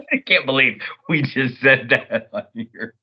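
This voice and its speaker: Animated man on a muffled line. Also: mid-range voice, takes it slowly, husky. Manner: animated, breaks into loud sung snippets and mimicked voices. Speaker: voice actor guest. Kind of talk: casual interview chat.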